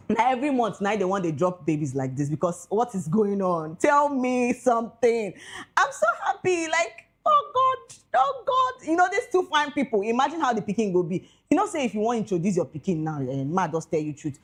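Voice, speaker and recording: Mixing pidgin with English, an excitable young Nigerian woman runs a casual celebrity gossip segment as an entertainment news host. Her Nigerian accent is clear, and her voice leaps up and down in both pitch and volume.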